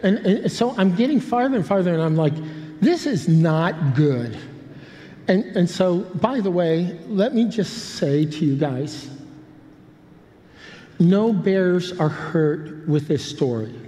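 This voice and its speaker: Older guy preaching, mellow voice, keeps breaking off for jokes, long echoey hall. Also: high voice, lively intonation, a little slow. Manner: rambling, self-interrupting with humorous asides. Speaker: pastor. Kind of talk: sermon storytelling.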